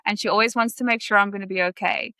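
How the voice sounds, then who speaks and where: A woman's voice: mid-range voice, steady tone, fast talker, pushed and bright, no room sound. A woman guesting on a podcast, talking in a gushing, grateful way, with many fillers. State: emotional. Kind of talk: casual interview conversation.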